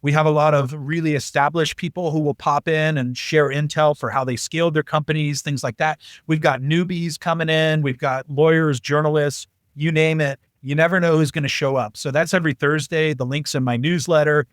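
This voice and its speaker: A fairly high-pitched man chatting as a podcast guest, telling loose, lively anecdotes and slipping into quoted voices. The sound is dry and close, with no room around it. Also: a little fast, few pauses, no echo. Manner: animated, jumps into quoted voices. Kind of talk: casual anecdotal storytelling.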